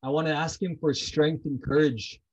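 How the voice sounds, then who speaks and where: A husky, slightly higher-pitched man talks about his faith in an intense, repetitive way. He is blunt and swears without holding back. The sound is dull and lo-fi. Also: fairly even intonation, normal speed. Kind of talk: heartfelt personal talk about prayer.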